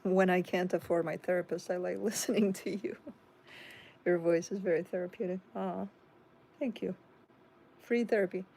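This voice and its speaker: A woman's voice: on the low side, fairly even intonation, moderate pace, gravelly, pauses often, warm tone. A woman with a Chicago accent hosting a tarot live stream, reading viewer comments aloud and chatting back casually.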